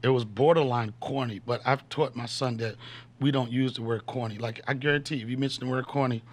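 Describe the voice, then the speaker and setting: A man's voice: mid-range voice, steady tone, fairly quick. A man in his fifties hosting a podcast, telling loose, slangy, joking stories in a casual chat. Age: 50s. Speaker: podcast host and comedian.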